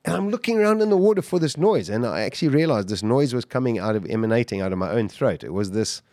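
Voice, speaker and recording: A middle-aged man recounts his story as a podcast guest with gripping intensity, acting out his own words as he goes. His voice sits at an ordinary pitch. He is recorded dry and close on the mic. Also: fast, no room sound. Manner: animated, vivid retelling with acted-out quotes.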